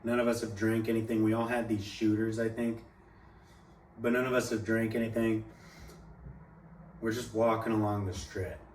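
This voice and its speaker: A man's voice: lowish voice, normal speed, pauses often. A young man telling a story in casual talk, swearing freely and rambling. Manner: profane, rambling, animated quoting. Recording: echoey room, mic at a distance, faint background noise.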